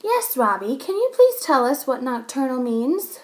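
A woman's voice: high-pitched, sing-song, moderate pace, darkish tone. A woman voicing a patient, firm female schoolteacher in a children's story read aloud. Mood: instructive.

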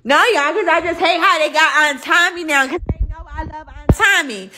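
A woman with a high voice speaks at a normal speed, with a little hiss or hum in the recording. Hosting a casual live stream, she's animated and talks straight to her viewers, thanking commenters and venting bluntly with swearing.

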